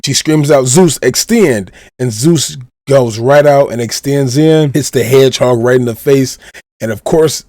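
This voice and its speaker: A man hosting a podcast, giving an animated, casual retelling and leaning on the same stock phrases. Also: mid-range voice, no room sound, clean studio sound. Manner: animated retelling, leans on "of course". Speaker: podcast host. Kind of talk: casual recap of a manga chapter.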